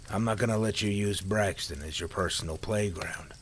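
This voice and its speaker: A man's voice: lowish voice, moderate pace, slight background noise, natural voice. A man voicing a stern, protective farmer father who speaks firmly and steadily.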